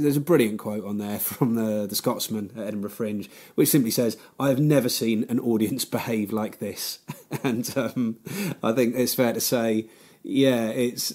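A man's voice: fairly low pitch, darkish tone. A man, hosting a podcast in a chatty, rambling way, with lots of fillers and frequent laughter. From Britain. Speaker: podcast host. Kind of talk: casual podcast outro chat.

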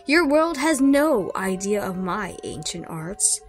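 A woman voicing a sinister, ancient old female doll maker who speaks slowly and menacingly through clenched teeth. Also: medium pitch, very animated, a little mellow, faint music behind.

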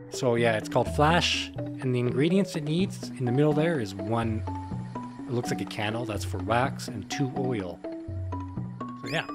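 A man chatting casually through a game, wry and relaxed, with a mid-range voice that swings up and down a lot. Game music plays clearly underneath his talk. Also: mid-range voice. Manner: chatty, wry asides, laughs at game text. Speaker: let's play gamer. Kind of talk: casual gameplay commentary.

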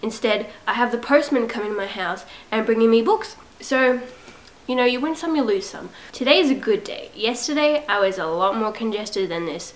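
A woman's voice: fairly high pitch, animated, moderate pace, poor audio. A young woman with a cold, sounding congested, chatting casually to her camera at home in a rambling, self-mocking way. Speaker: vlogger. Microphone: camera set up at home.

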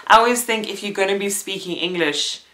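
A woman's voice: mid-range voice, brisk, sharp tone. A young woman giving a casual spoken theatre review, chatty and breaking into small laughs as she talks. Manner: chatty, laughs often between words.

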